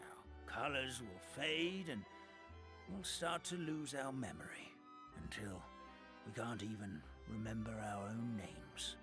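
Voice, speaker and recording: A man voicing a kindly, forgetful old paper grandfather in a game cutscene, gentle and chuckling, with old-fashioned blessings. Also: mid-range voice, slow pace, lightly acted. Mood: sorrowful. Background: soft game music.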